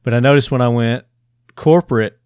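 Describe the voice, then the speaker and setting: A man from Tennessee with a Southern accent, hosting an interview in a chatty way, full of fillers and quick asides. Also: medium pitch, fairly even intonation, darkish tone, clean tone, no echo, clean studio sound. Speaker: interview host. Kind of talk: conversational interview.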